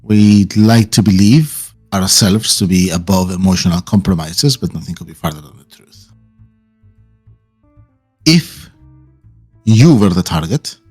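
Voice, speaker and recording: A man voicing a measured, calculating male mentor figure who lays out plans deliberately. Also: low-pitched, husky, heavily acted. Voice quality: calm, deliberate delivery. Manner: explains plans slowly and carefully.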